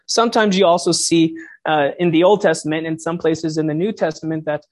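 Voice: medium pitch, steady tone, brisk, a little mellow. A preacher delivering a reflective sermon, posing rhetorical questions to the listeners.

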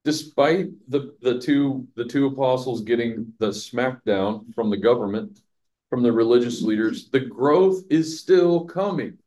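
A man's voice: medium pitch, unhurried, warm tone. A man teaching a Bible passage verse by verse, chatty, asking his listeners questions and laughing at his own jokes. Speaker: pastor teaching a Bible study.

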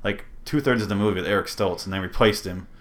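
A man's voice: on the low side, fast. A man hosting a casual movie podcast, rambling and joking, swearing freely. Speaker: podcast host.

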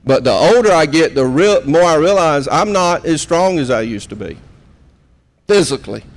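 A man's voice: on the high side, animated, normal speed, long reverb tail. A man in his fifties preaching a conversational sermon and putting questions to the room. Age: 50s. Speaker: pastor.

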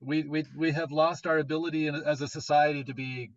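Guy cohosting a podcast, kinda high voice, chatty and jokey, dull muffled audio. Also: fairly even intonation, brisk, slight background noise. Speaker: podcast co-host. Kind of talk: casual conversation.

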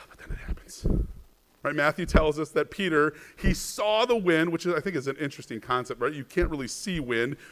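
A man preaching a sermon as a pastor, asking rhetorical questions, often adding "right?", and swinging between hushed and louder passages. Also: a little high, fairly quick. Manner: rhetorical questions, frequent "right?", stammered repeats.

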